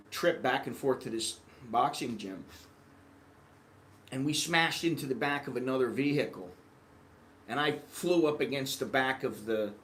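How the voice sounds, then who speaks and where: A man from the United States telling rambling, animated anecdotes in a casual vlog monologue. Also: a little high, a little hiss or hum. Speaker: vlogger.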